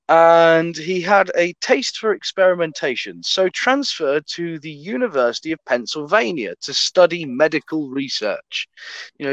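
A man's voice: a little high, a bit bright, dry recording. Laid-back sweary man, dry close sound. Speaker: podcast co-host telling a story. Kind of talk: casual chat.

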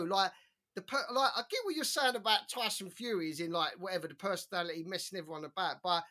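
A man co-hosting a boxing podcast, talking in an animated, slangy way with plenty of swearing. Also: high voice, fast. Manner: animated, swearing, slangy, quotes others in put-on voices. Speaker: podcast co-host. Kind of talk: casual podcast chat.

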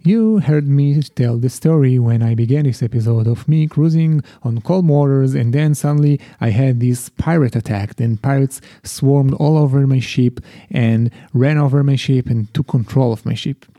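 A middle-aged man hosts a solo podcast in a reflective, confessional manner, often restarting his sentences. His voice is deeply dark and mellow. The sound is dry, with no room around it. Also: normal speed, few pauses, no room sound. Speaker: podcast host. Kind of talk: solo parenting podcast monologue.

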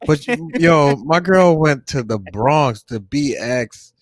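A man's voice: fairly high pitch, animated, slow pace, no room sound. A young man with a New York accent, co-hosting a podcast and chiming in with short, laid-back quips. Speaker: podcast co-host. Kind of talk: casual podcast chat.

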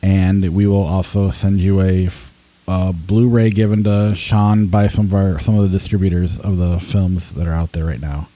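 A man hosting a movie podcast in a low, warm, mellow voice. He talks loosely and laughs easily. He rattles off the show's plugs from a list, and the sound is close and dry. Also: level tone, normal speed, dry recording, poor audio. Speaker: podcast host. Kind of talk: casual podcast chat.

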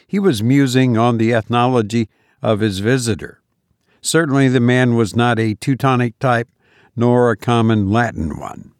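A man reads a classic story aloud in a measured, expressive voice. His pitch sits in a middle range. The recording is close and dry. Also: no echo. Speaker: narrator. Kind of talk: audiobook reading of a classic story.

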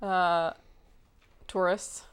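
A woman's voice: lowish voice, flat delivery, very slow, smooth. Dry, matter-of-fact woman co-host. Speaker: podcast co-host. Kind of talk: casual film-review chat.

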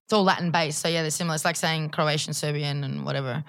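A woman's voice: low voice, steady tone, fast talker, creaky, fairly bright tone. An Australian woman chatting frankly as a podcast guest, swearing freely. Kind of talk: casual chat.

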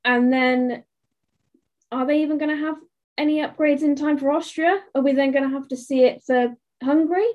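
A woman's voice: high-pitched, fairly even intonation, normal speed, darkish tone, muffled recording. A woman co-hosting a podcast, explaining her view earnestly in casual chat. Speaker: podcast co-host.

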